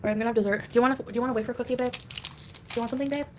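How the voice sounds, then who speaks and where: A woman's voice: fairly high pitch, fairly even intonation, rapid-fire, slight background noise. A woman livestreamer chatting casually with her viewers in a rambling way and a baby voice, played back as a clip.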